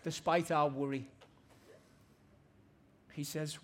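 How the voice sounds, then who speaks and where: A man in his forties preaching a testimony sermon in a church hall, fervent and shouting at his high points. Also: normal speed, slight background noise.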